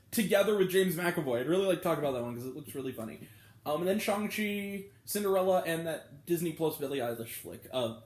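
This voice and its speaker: Ranting movie-review guy in echoey room. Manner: animated, pitch jumps up when ranting.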